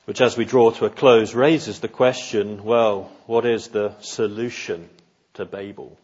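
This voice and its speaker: A man preaching a sermon, animated and acting out quoted voices, at times dropping to hushed tones. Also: lowish voice, a little slow, slightly rough, highs cut off.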